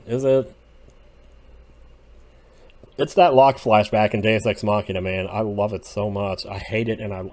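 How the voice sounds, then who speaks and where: A man giving casual solo commentary as he ranks TV episodes, rambling and opinionated, drifting between quiet muttering and sudden outbursts. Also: fairly low pitch. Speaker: video creator ranking TV episodes.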